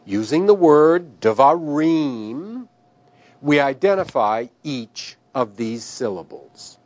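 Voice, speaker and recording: A man teaching a grammar lesson, explaining terms slowly and carefully, pronouncing each word with deliberate care. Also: on the high side, lively intonation, a little mellow, no echo. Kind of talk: recorded grammar lecture.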